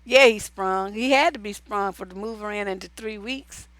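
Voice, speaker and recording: A woman's voice: mid-range voice, normal speed, fairly bright tone, no room sound. A woman hosting a relationship advice livestream, reading viewer letters aloud and cutting in with blunt, casual, profane remarks.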